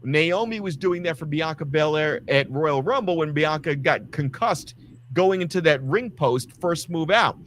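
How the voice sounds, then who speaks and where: A man's voice: fairly high pitch, lively intonation, measured pace, a bit bright, slight background noise. A man co-hosting a casual wrestling talk show, ranting with lots of swearing and acting out quotes. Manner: ranting, profane, acts out quotes. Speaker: podcast co-host.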